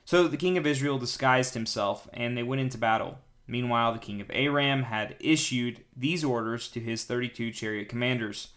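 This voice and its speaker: A young man hosting a daily Bible-reading podcast, reading the passage aloud with lively voices for the characters and joking asides. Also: mid-range voice, normal speed, few pauses. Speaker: podcast host reading scripture.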